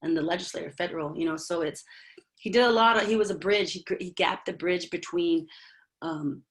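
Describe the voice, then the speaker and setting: A woman giving an informal, earnest talk on a video call, halting often with fillers and restarts. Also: on the low side. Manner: heartfelt, earnest. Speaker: presenter at a virtual working group meeting. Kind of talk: informal spoken presentation.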